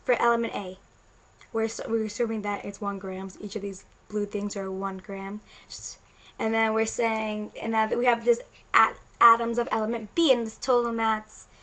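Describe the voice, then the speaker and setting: A woman's voice: fairly high pitch, fairly bright tone, rough recording. A woman science teacher giving a casual recorded lecture, explaining chatty and loose with frequent restarts.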